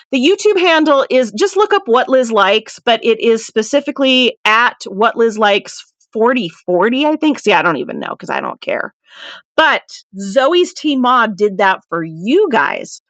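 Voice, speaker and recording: A chatty woman hosting a casual livestream, with a fairly high voice. She rambles freely and reads viewer comments aloud. The sound is dry and close. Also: a bit bright, no room sound. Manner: rambling, laughs easily. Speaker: livestream seller host.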